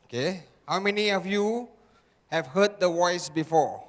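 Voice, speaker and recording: A man's voice: sits high, a little slow. A man giving a motivational seminar talk, firing repeated rhetorical questions at a live audience in a large hall. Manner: repetitive rhetorical questions to the crowd. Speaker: motivational speaker.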